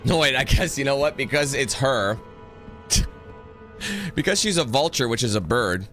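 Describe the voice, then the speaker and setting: A man's voice: mid-range voice, animated, normal speed, a bit bright, faint music behind. A man rambling and joking through casual commentary on a horror game he is playing. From North America. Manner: joking, rambling, sings snatches and does mock voices. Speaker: gaming channel host.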